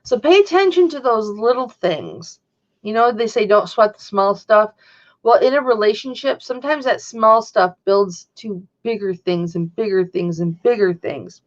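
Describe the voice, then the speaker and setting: A woman's voice: medium pitch, animated, moderate pace, highs cut off. A woman hosting a casual livestream, talking in a chatty, rambling way and answering viewers' chat. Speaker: livestream host. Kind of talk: casual chat to a live audience.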